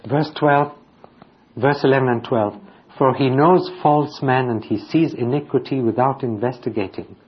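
A man's voice: mid-range voice, moderate pace, husky. A man reading Bible verses aloud and explaining them in plain, conversational terms. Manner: reads scripture aloud, then explains it plainly. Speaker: Bible teacher. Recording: dull lo-fi recording.

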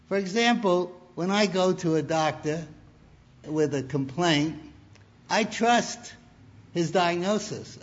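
Male preacher, slow deliberate sermon delivery, lo-fi muffled sound. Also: fairly high pitch. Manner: deliberate, storytelling with humor.

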